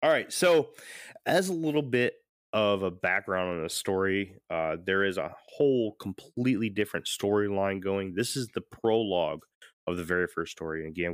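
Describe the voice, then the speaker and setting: A man's voice: sits low, moderate pace, dry recording, clean studio sound. A man hosting a podcast in casual chat, rambling and often laughing. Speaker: podcast host.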